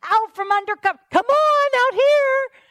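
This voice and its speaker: A woman's voice: very high-pitched, a little slow, fairly bright tone, no echo, voice pushed up. A woman preacher voicing a sly tempting enemy spirit that coaxes and goads her listeners. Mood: goading. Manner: coaxing, wheedling.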